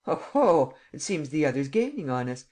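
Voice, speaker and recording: A man reading an audiobook and voicing a mocking, cocky gentleman thief who climbs high and loud when he teases or rages. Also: normal speed. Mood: amused. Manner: teasing, lively, rising to shouts.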